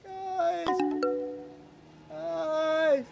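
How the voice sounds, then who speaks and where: A man streaming a game live, excitable, swearing and exclaiming at what happens on screen. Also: very high-pitched, very slow, vocal fry. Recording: game music playing under the voice.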